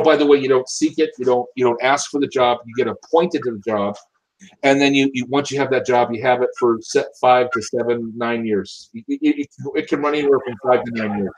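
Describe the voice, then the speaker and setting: A man's voice: medium pitch, rough recording. A man giving opinionated casual commentary, emphatic and often repeating and restarting his words. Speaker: political commentator.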